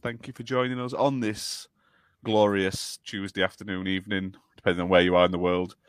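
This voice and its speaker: A man's voice: low voice, flat delivery, a little fast, clean tone, no room sound, clean studio sound. A man with a Yorkshire accent hosting a casual gaming podcast, joking and teasing his co-hosts and swearing freely. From Yorkshire, England. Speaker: podcast host.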